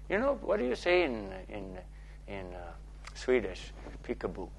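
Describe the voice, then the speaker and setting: A man's voice: a little high, huge pitch swings, normal speed, gravelly, a little hiss or hum. A man, a spiritual teacher, giving a playful, repetitive talk to listeners, often checking in with "okay?".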